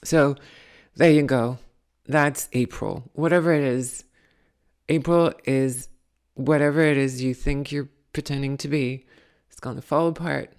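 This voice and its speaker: A woman's voice: rumbling low, fairly even intonation, a little slow, a little mellow. A woman channeling a blunt, salty female spirit who reads tarot cards and scolds the listener. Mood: blunt scolding.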